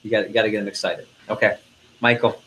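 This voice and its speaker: A man's voice: lowish voice, level tone, fast talker, bright, forceful tone, slight background noise, rough recording. A man leading a classroom sales training, stressing key words and having trainees repeat after him. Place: training room.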